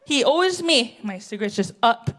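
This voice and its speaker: A woman's voice: fairly high pitch, animated, moderate pace, fairly bright tone. A woman on a theatre stage playing a brash, chain-smoking middle-aged auntie in a live comedy monologue, rambling, indignant and laughing at herself.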